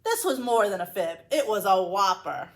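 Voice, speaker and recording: A woman librarian reading a children's picture book aloud, expressive and playful, with asides to young listeners. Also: mid-range voice, moderate pace. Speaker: school librarian.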